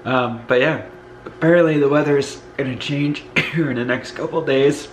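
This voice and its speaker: In a rough recording with a little hiss or hum, a man speaks at medium pitch and normal speed, his accent Northeastern US. He's casually vlogging around his house, moving between rooms and rambling in a tired, relaxed manner with fillers. His lungs are congested, and he coughs from time to time.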